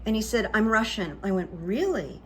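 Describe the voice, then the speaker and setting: A woman hosting her own channel, telling stories in a chatty, confiding way that trails off softly at the ends of phrases. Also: mid-range voice, expressive, normal speed. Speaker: channel host. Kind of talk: casual storytelling monologue. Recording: faint background noise.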